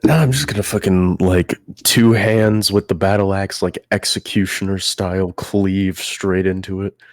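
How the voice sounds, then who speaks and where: A man's voice: deep voice, steady tone, moderate pace, dry recording, clean studio sound. A man playing a tabletop game, blunt and swearing casually. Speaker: player.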